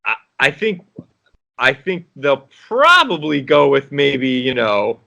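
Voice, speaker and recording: Bright-voiced man rambling with laughs. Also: mid-range voice, very animated, slow pace, creaky. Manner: rambling, laughs often, many restarts. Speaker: actor guest. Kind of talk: casual interview chat.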